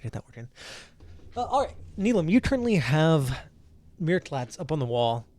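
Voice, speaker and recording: A man's voice: a little high, normal speed, no echo. Easygoing man running a tabletop game. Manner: relaxed, with frequent fillers. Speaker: game master.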